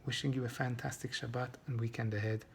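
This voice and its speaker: A man's voice: medium pitch, little pitch movement, quick pace, vocal fry, slight background noise. A middle-aged male rabbi giving a short inspirational talk, telling a story and weaving in Hebrew terms.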